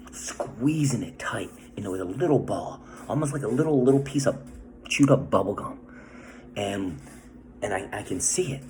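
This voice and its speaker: Male vlogger, deep-ish, loose and rambling, swears freely. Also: darkish tone, a little hiss or hum. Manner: rambling, profane, constant tag questions. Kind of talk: casual monologue.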